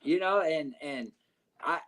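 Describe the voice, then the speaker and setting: A man, a wrestler guest telling stories in an animated, profane, filler-heavy way. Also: fairly high pitch, takes it slowly. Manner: animated, profane storytelling with many "you know what I'm saying" fillers. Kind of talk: casual storytelling interview.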